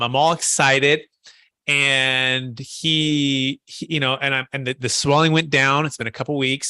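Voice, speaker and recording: A man hosting a podcast conversation, telling stories in an animated way and acting out the voices he quotes. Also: mid-range voice, no room sound. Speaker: host.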